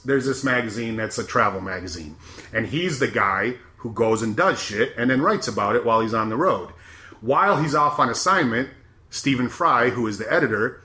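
Middle-aged male podcast co-host, wry and foul-mouthed, echoey room. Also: mid-range voice. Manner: profane, wry and animated. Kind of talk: casual chat, TV season preview.

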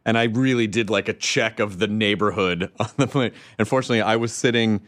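A man's voice: fairly low pitch, a little fast, a bit bright, no room sound, clean studio sound. A man from the American South hosting a talk show, chatting playfully and teasing his guests. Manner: playful, teasing, laughs often. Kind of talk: casual chat.

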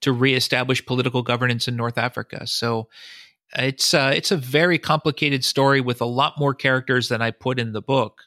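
A man's voice: medium pitch, fairly even intonation, fairly quick, sharp tone, dry recording, clean studio sound. A man, a historian and author, giving long explanatory answers in a podcast interview, often quoting sources and thinking aloud.

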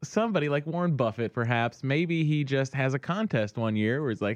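A man's voice: mid-range voice, lively intonation, fairly quick, dry recording. Wry man with a dry, close voice. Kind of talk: comedic podcast banter.

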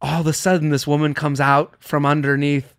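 A young man with a fairly high voice hosts a casual podcast. He tells stories with energy, mimics the people in them and swears freely. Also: fairly quick. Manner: animated storyteller, acts out quotes, swears freely. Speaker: podcast host. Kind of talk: casual chat, storytelling.

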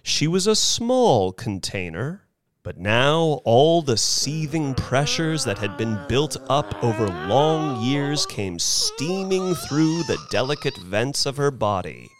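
A man reading a story aloud as narrator, expressive and giving each character a voice. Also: medium pitch, takes it slowly.

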